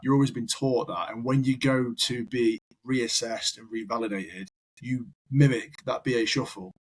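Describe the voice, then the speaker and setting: Husky man telling stories. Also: medium pitch, moderate pace, poor audio. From United Kingdom. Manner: rambling anecdotal storyteller, repeats words. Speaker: firefighter guest. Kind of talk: casual podcast chat.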